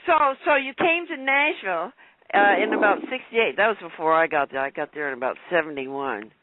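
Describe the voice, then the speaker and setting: A woman's voice: lowish voice, expressive, fairly quick. An older woman co-hosting a radio interview, asking chatty questions and laughing often. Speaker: co-host. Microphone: phone call. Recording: tinny phone line.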